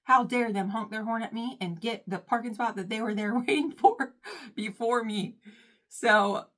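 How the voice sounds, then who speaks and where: A young woman telling a storytime in casual chat, dramatic and self-mocking, jumping between loud outbursts and hushed, whispery asides. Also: fairly high pitch, moderate pace. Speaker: storytime vlogger.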